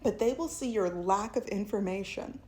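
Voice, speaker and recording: Sassy animated woman telling a story. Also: mid-range voice, normal speed. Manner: animated, sassy, mimics people. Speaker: video essayist. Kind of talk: storytime commentary.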